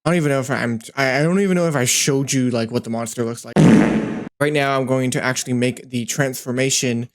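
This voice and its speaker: A man's voice: medium pitch, fairly quick. A man casually narrating his 3D work session, thinking aloud in a rambling, playful way with lots of fillers. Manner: easily excited, playful. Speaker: 3D animator and creator.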